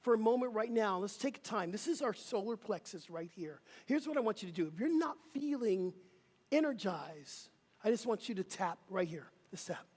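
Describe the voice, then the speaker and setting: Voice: medium pitch, expressive, moderate pace, darkish tone, in a large hall. A minister preaching a sermon, emphatic and rhythmic, leading the congregation in call and response. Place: church sanctuary.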